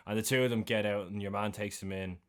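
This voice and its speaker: A man's voice: on the low side, steady tone, fast talker, clean tone. A young Irish man co-hosting a podcast, retelling a film's plot in a loose, chatty way with slang. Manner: retells scenes animatedly with slang and swearing. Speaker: podcast co-host. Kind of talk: casual film recap chat.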